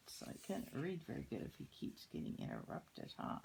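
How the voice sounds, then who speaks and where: An older woman reading a children's picture book aloud, soft-spoken and often slipping into a whisper. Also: extremely low pitch, wildly swooping pitch, moderate pace, vocal fry, hardly any pauses, background noise.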